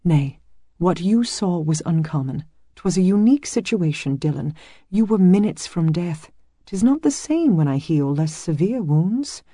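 A narrator voicing a stubborn, gentle female healer who speaks in formal archaic phrasing. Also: lowish voice, expressive, a little slow, no echo, clean studio sound. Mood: firm. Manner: archaic formal speech, firm and placid.

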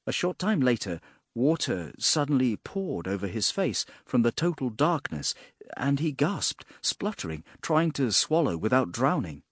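A man narrating a fantasy audiobook in a measured, expressive way, with a husky voice. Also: mid-range voice, no echo, clean studio sound.

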